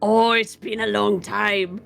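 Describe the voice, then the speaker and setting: A woman's voice: medium pitch, steady tone, slow, creaky, a bit bright, faint music behind, pitched below the performer's own voice, exaggerated voice. A woman voicing an ancient, forgetful female gnome who was once a pirate, rambling in a mock-pirate way. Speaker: player.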